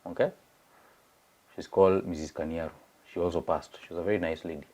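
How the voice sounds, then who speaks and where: Kenyan man telling a lively story. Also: sits low, fast. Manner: animated, acts out quoted voices. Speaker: guest sharing his story. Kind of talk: casual storytelling in English and Swahili.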